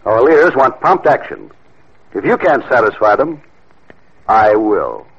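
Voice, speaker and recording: Cold threatening spy boss, husky, lively pitch, lo-fi old radio drama. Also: male voice, unhurried, full character voice. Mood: menacing. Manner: smooth, threatening, clipped. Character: cold menacing male communist boss. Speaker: communist cell leader. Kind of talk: 1950s radio drama acting. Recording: dull lo-fi old radio recording.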